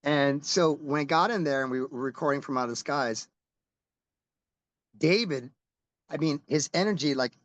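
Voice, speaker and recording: A man's voice: a little high, moderate pace, long pauses, a bit bright, no echo, lo-fi sound. A middle-aged man, a rock musician, telling stories in a casual interview, rambling and restarting as he goes and swearing casually.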